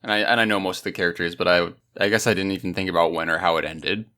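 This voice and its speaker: A man co-hosts a casual gaming podcast with mild, low-key remarks. His voice sits fairly low and sounds clear and smooth. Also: steady tone, racing, bright, forceful tone. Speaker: podcast co-host. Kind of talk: casual chat.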